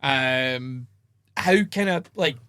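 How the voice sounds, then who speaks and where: A man hosting a podcast, asking relaxed, rambling questions. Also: mid-range voice, extremely slow, clean tone, no room sound. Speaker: podcast host. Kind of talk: casual podcast chat.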